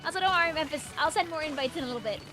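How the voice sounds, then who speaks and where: A young woman with a high-sitting voice talks very fast over a very noisy recording. She's streaming a shooter game, giggling and chatting with her viewers in bubbly, casual live-stream commentary.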